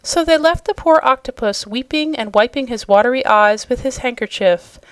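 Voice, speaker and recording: A woman narrating a children's storybook aloud in a steady, expressive way. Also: fairly high pitch, moderate pace, clean tone, dry recording. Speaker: storybook reader.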